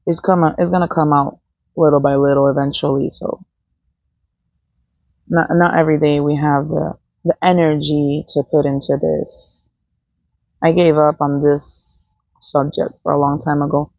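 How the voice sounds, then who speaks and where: A woman's voice: low-pitched, level tone, unhurried, creaky, dry recording. A woman talking in a blunt, profane, rambling unscripted monologue as a vlogger. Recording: dull, dry, lo-fi sound.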